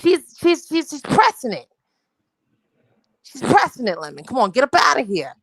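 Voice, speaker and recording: A woman's voice: sits high, big pitch swings, normal speed, vocal fry, a bit bright, husky, dry recording. A woman from New York, a guest on a livestream, talking brashly and profanely in rambling bursts. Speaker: stream guest. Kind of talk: casual stream chat.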